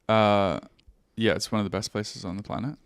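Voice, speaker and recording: A man's voice: lowish voice, fairly even intonation, moderate pace, clean tone, no room sound, studio quality. A man in his thirties from Australia with an Australian accent, a laid-back guest telling stories in casual chat. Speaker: guest, music producer.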